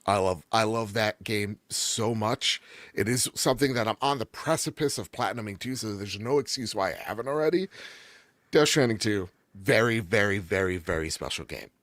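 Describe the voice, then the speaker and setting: A man's voice: lowish voice, moderate pace, fairly bright tone, dry recording. A man co-hosting a gaming show in casual chat, enthusiastic and jokey, rambling as he raves about games. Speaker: gaming podcast co-host.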